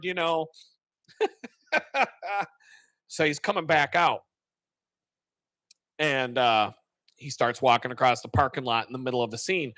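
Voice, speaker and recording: A man with a fairly high, bright voice, recorded close and dry. He hosts a live stream and tells stories in a loose, profane, animated way, often laughing. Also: measured pace, long pauses, no echo. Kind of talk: casual storytelling.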